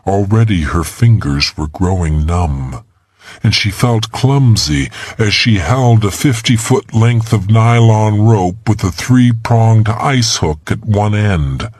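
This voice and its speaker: Slow, expressive male audiobook narrator. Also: on the low side, dry recording, studio quality. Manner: slow, measured, expressive reading. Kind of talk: scripted thriller narration.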